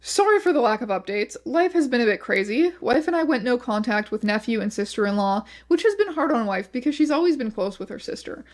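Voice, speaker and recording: A woman narrating a video essay, reading online posts aloud in a flat, measured voice. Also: fairly high pitch.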